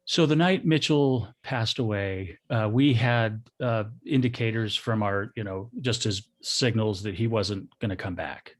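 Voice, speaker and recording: A middle-aged man, a guest on an interview show, telling a personal story in a soft, halting, reflective way. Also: on the low side.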